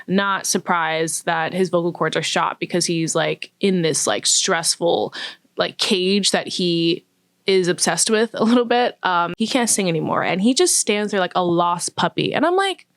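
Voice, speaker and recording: A woman's voice: lowish voice, expressive, moderate pace, dry recording. A woman vlogger giving casual, chatty film commentary, laughing often and using lots of fillers. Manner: chatty, laughing, filler-heavy with acted-out quotes.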